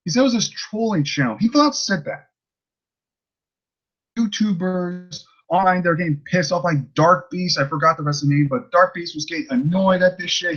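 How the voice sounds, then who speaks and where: A man's voice: high voice, fairly bright tone, dull audio. A man ranting in a casual vlog, rambling and exasperated, with many restarts and fillers. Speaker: YouTuber ranting about a commenter.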